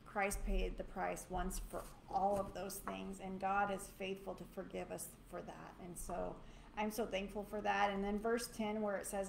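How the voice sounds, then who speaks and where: A woman with a gravelly voice talks through scripture in a conversational, reflective way. The recording sounds roomy and carries a faint hiss. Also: medium pitch, little pitch movement, normal speed. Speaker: co-host of a church teaching show. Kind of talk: casual Bible teaching. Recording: echoey room with faint noise.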